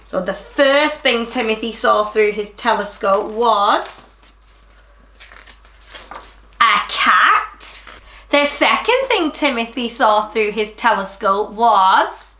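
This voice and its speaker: A woman's voice: fairly high pitch, echoey room. Sing-song woman reading to children. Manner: sing-song, animated, addresses children directly. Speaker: teacher reading a picture book. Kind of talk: storybook read-aloud for children.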